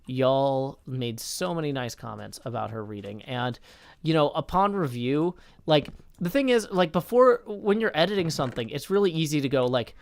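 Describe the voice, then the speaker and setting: A man's voice: on the high side, lively intonation, moderate pace, creaky, no echo. Tired man rambling on a live stream. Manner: rambling, self-correcting, reads chat aloud. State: tired from little sleep. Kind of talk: casual live-stream chat.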